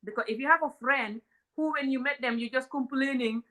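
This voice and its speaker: A woman's voice: high-pitched, fairly quick, fairly bright tone. A woman from Africa hosting a comedic relationship talk, blunt and outspoken, often laughing. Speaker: host.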